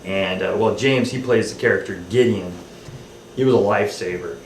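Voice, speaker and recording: Brief: male director, lowish voice, easygoing and rambling, recorded at a distance in an echoey room. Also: moderate pace. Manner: rambling, many ums and restarts. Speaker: film director. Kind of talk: casual behind-the-scenes recollection. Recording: roomy, off-mic, faint hiss.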